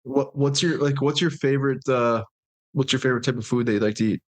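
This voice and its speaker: Upbeat Minnesotan host, mid-pitched, asks loose casual questions. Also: male voice, fairly even intonation, fast talker. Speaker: podcast host. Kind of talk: casual chat.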